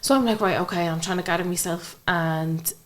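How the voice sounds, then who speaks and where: A woman's voice: fairly low pitch, fairly quick. A young woman with an Irish accent, a podcast guest telling a personal story and acting out the dialogue she quotes. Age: young adult. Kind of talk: emotional personal storytelling in conversation.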